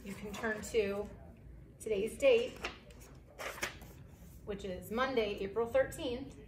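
Slow, clear woman teaching young kids. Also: mid-range voice. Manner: slow, clear, encouraging, spells words letter by letter. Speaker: second grade teacher. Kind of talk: remote phonics lesson for children. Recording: echoey room, faint background hiss.

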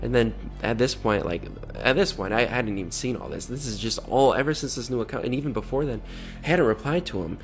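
Male vlogger, mid-pitched, reads messages aloud with weary sarcasm; faint music underneath. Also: brisk. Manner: exasperated, sarcastic asides. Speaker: online predator-baiting vlogger. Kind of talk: reading chat messages aloud with commentary.

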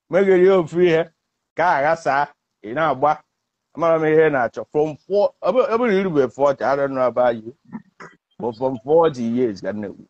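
A man's voice: a little high, normal speed, pauses often, a little mellow, no room sound. Joking man on a lo-fi stream. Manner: joking, mixes Igbo and English. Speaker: host. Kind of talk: casual live chat with callers. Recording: dull dry lo-fi audio.

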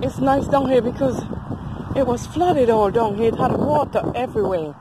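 A woman with a Caribbean accent, chatting casually to camera while walking her dog outdoors. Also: normal speed. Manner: chatty, coos high-pitched at her dog. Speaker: vlogger. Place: outdoors on a field walk. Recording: loud outdoor noise.

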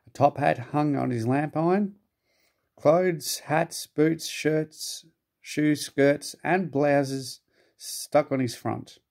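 A man reading a children's storybook aloud at an unhurried, gently expressive pace. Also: on the high side, creaky. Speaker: narrator.

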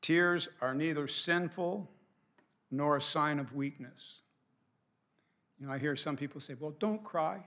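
A man's voice: on the high side, steady tone, a little slow, long pauses, a bit bright. A middle-aged man, a pastor, preaching a sermon from the pulpit in an earnest, conversational way with casual asides. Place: church sanctuary.

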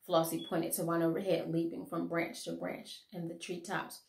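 A woman teacher reading a children's story aloud with expressive storytelling, heard in an echoey room. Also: fairly low pitch, normal speed, creaky, few pauses.

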